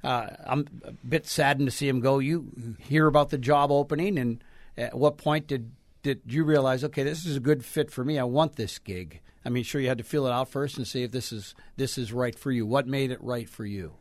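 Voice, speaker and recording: A man's voice: medium pitch, brisk, no echo. A man hosting a radio show, asking a guest questions in a loose, conversational way. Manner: conversational, prompting questions, jokes with cohost. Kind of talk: radio interview.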